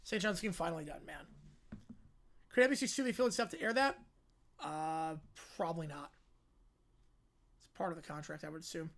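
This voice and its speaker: At medium pitch, a fast-talking livestream host narrates a basketball game play by play, responds to chat, and gets louder whenever a big play lands.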